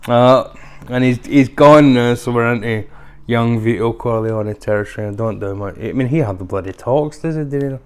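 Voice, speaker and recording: A man's voice: medium pitch, moderate pace, darkish tone, smooth. A man hosting a casual unboxing review, chatty and rambling with lots of fillers. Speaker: video host.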